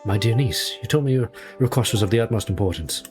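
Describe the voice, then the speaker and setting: A man's voice: lowish voice, quick pace, music in the background, lightly acted. A man voicing a genial older royal advisor, speaking formally and courteously.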